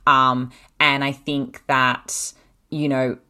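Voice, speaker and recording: Aussie woman hosting a podcast, really deep voice for a woman, frank and sweary. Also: flat delivery, very slow, bright, forceful tone, smooth. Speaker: podcast host. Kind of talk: casual chat.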